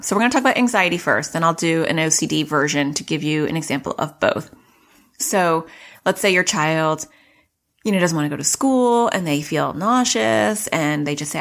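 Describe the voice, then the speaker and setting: A middle-aged woman with a slightly low voice talks parents through a topic in a relaxed, chatty podcast style. She slips into little voices when she acts out what children say. She sounds like a coach explaining things to listeners. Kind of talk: casual podcast teaching.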